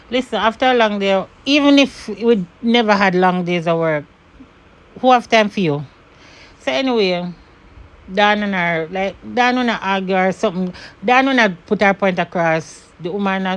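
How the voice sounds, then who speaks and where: A Jamaican woman from Jamaica telling a personal story to camera in an animated way. She swears and slips into patois when she is angry. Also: mid-range voice, normal speed.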